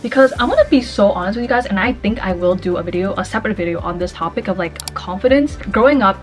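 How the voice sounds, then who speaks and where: A woman's voice: medium pitch, quick pace, soft background music. A young woman vlogger talking casually and passionately to the camera, full of "like" fillers. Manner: chatty, passionate, lots of "like" fillers. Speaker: lifestyle vlogger. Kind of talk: casual advice vlog.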